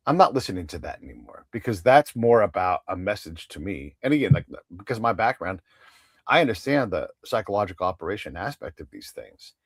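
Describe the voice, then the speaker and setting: Podcast host, man in his fifties, lower voice, dry close sound, speaks bluntly and sometimes swears. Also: sing-song, fairly quick, slightly rough, no echo. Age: 50s. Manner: blunt, opinionated, swears freely, mocks news anchors. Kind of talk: casual conversational interview.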